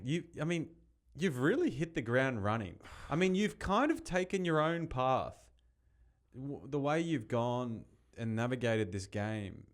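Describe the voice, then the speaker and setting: A man hosting a podcast in casual chat, encouraging and swearing casually. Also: mid-range voice. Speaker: podcast host.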